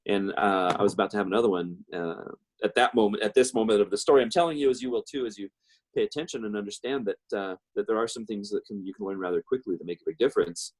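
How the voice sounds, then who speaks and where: Husky man telling a personal story. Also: on the low side, fast talker. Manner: rambling, many fillers and restarts. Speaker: guest speaker.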